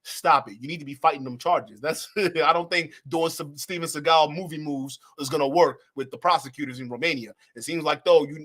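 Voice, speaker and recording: A man's voice: a little high, pushed and bright. A man hosting a reaction video, mocking what he hears, swearing and talking straight to his chat. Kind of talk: casual reaction commentary.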